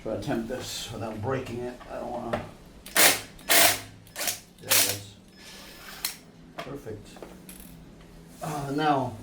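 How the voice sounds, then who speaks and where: A DIY vlogger, an American man with a medium-pitched voice, chats casually while working on a scooter in a garage or yard, with background noise audible. His how-to talk rambles as he goes, and he keeps correcting himself.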